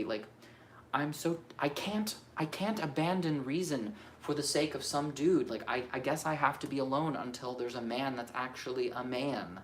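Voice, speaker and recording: Over slight background noise, a man with a somewhat high voice records an unscripted astrology vlog. He vents his frustrations frankly and profanely, rambling restlessly as he questions himself.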